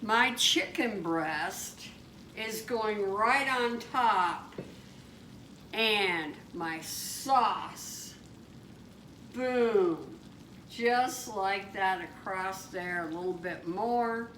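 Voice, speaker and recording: A woman chatting excitedly as she cooks a meal at home, exclaiming as she goes. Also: mid-range voice, drawn-out words. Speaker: home cook showing a recipe. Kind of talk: casual cooking demonstration. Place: home kitchen. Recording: echoey kitchen, distant mic, frying noise. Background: sizzling frying pan.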